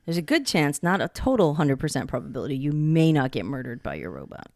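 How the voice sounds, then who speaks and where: A woman's voice: sits low, sing-song, fast, a little mellow, no echo, clean studio sound. A woman co-hosting a podcast in casual chat, laughing often and swearing in exasperation. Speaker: podcast co-host.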